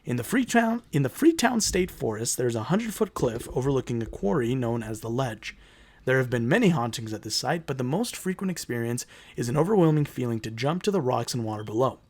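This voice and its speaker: Lively, profane male podcast host. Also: mid-range voice, brisk, no room sound. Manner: casual, profane, jokey. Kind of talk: reading from notes in casual chat.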